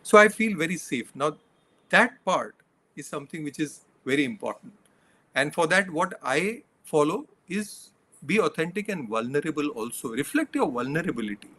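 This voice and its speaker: A man's voice: on the high side, animated, moderate pace, pushed and bright. A middle-aged man, a leadership coach, giving earnest interview answers that he builds from examples and numbered points.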